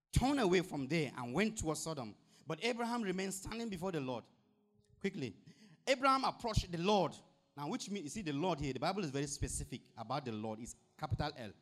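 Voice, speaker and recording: A male pastor delivers a sermon with a lively, swooping delivery that climbs well above his usual pitch. He reads scripture aloud, then breaks it down with emphatic rhetorical questions and repeated hallelujahs.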